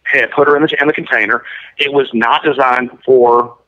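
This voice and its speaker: A man's voice: medium pitch, fairly even intonation, moderate pace. A man giving an interview and telling a story in a blunt, matter-of-fact, detailed way. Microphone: prison phone line. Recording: muffled lo-fi line.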